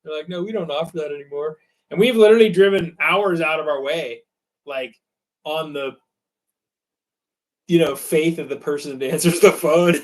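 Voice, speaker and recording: A man with a slightly higher voice, co-hosting a casual chat. He retells stories with energy and acts out other people's lines as he goes. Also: normal speed, pauses often, low-quality recording. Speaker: co-host.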